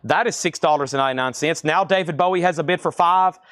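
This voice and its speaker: A man hosting a live record sale, calling out items, prices and buyers in a brisk, chatty way from a record shop storeroom. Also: a little high, a bit bright, dry recording, clean studio sound. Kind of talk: livestream auction calling.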